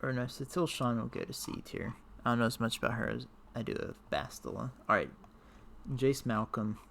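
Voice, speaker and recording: Man, casual vlogger, mid-pitch, gravelly edge; tired, rambling, hesitant delivery. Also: steady tone, a little fast, a bit bright, slight background noise. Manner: rambling, hesitant, many fillers. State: tired, voice wearing out. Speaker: youtuber ranking characters. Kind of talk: casual talk to camera.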